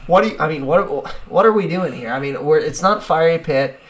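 A man's voice: a little high, animated, a little fast. A man co-hosting a casual sports podcast, earnest and rambling, often restarting his sentences. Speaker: podcast co-host.

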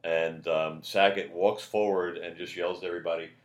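A man, a comedian, telling a story in casual chat, loud and animated when he quotes people. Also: sits low, normal speed, reverberant. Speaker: comedian guest.

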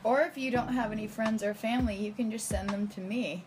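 A woman's voice: mid-range voice, fairly even intonation, a little fast, music in the background. A woman co-hosting a podcast in casual chat, teasing, giggly and blunt. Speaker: podcast co-host. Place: New York studio.

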